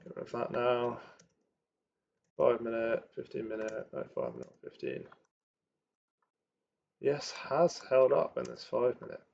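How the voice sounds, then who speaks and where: A young man talks to himself as he trades on a live stream, drifting between quiet muttering and chatty asides. His mid-pitched voice has a gravelly fry to it. The recording sounds dull and lo-fi. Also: big pitch swings, measured pace, long pauses. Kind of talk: thinking aloud while trading.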